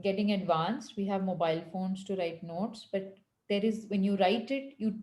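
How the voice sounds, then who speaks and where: A woman teaching French on a video call, patiently correcting students and slowing down to model phrases. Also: medium pitch, steady tone, darkish tone, roomy sound, low-quality recording. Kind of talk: online language lesson.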